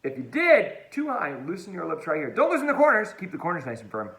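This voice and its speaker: An energetic male music teacher talks right to the camera in a quick, lively, high voice that jumps all over. His upbeat, playful lesson rings out in a roomy, echoing space. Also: vocal fry. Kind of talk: online music lesson for kids. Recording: roomy echo.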